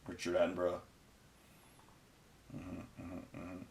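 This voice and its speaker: A deep, completely flat voice with vocal fry and a darkish tone moves at a slow pace. It belongs to a tired painting channel host who rambles offhandedly and amuses himself while painting miniatures at home near a garage, recorded with a roomy echo.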